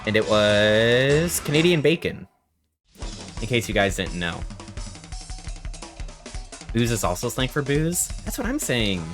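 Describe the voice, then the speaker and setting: A young man in his twenties streaming a trivia game, thinking aloud and reacting in excited bursts. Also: medium pitch, measured pace, long pauses, faint music behind. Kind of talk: live-stream gameplay commentary.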